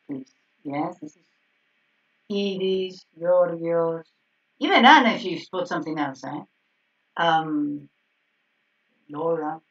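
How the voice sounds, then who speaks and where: Lady piano teacher going over homework on a call, keeps saying "yes?", muffled and kinda far off. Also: lowish voice. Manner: explanatory, checks in with frequent "yes?" and soft laughs. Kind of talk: online group lesson. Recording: slightly dull, distant online call audio.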